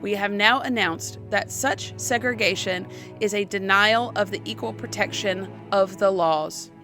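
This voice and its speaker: A woman voicing a stately male chief justice, reading a court ruling slowly and formally in a podcast skit. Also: mid-range voice, over music, pitched below the performer's own voice, lightly acted. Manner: slow, formal legal reading.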